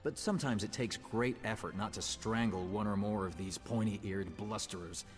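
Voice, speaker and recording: A man's voice: on the low side, moderate pace, big-room sound, faint music behind, lightly acted. An actor playing a fussy, self-important male port clerk in a video game, prim and pompous. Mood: exasperated.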